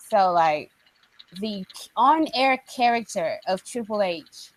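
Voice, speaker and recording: A woman's voice: sits high, dry recording, rough recording. A woman co-hosting a casual wrestling podcast, ranting bluntly and swearing freely. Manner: blunt, profane, animated ranting. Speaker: podcast co-host.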